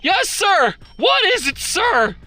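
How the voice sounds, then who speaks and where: A man voicing a loud, excitable male police detective who blusters and shouts. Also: very high voice, takes it slowly, voice pushed up, exaggerated voice. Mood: panicked. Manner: shouty, blustering, says sir and pal.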